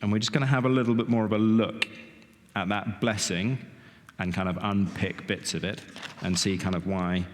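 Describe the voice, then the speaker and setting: A man's voice: on the low side, fairly even intonation, moderate pace, noisy background. A middle-aged man giving a sermon in a church, talking in a conversational way, often asking "okay?" and saying "kind of". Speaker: lay preacher. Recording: long reverb of a church hall.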